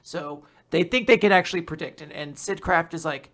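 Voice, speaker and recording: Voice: medium pitch, fairly quick, hardly any pauses, a bit bright. A podcast host recapping manga chapters in a casual, rambling way, laughing often.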